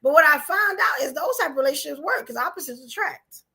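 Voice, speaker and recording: New woman podcast host, high, bright, edgy voice, animated casual talk. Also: quick pace. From New York. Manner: animated, rhetorical "you know what I'm saying". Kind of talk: casual live podcast chat.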